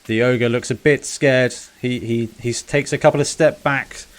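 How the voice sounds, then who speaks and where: A man runs a tabletop role-playing game, narrating scenes and prompting players in a casual, brisk way with plenty of fillers. His voice sits at an ordinary, mid pitch. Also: fairly even intonation. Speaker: game master.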